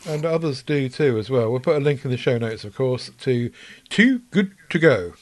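A man's voice: medium pitch, lively intonation. A man from North Wales co-hosting a podcast, chatting easily with frequent restarts as he reads listener messages. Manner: easygoing, halting restarts. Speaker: podcast co-host. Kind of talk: casual chat reading listener mail.

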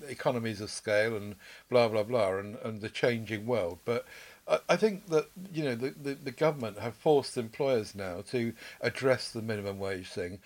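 A man's voice: on the low side, normal speed. An older man hosting a podcast, chatting in an easygoing, rambling way. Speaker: podcast host. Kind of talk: casual chat.

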